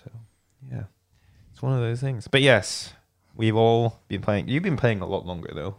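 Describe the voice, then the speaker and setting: A man hosting a casual chat, telling stories in an animated way and laughing often. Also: moderate pace, gravelly. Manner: animated storyteller, laughs often, jumps up in pitch when excited. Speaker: podcast host.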